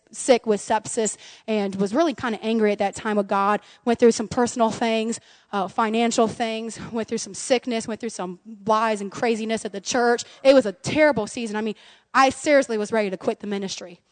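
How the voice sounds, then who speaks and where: A middle-aged woman pastor preaching an impassioned sermon, swinging between loud cries and hushed, intimate tones. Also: on the high side, dry recording.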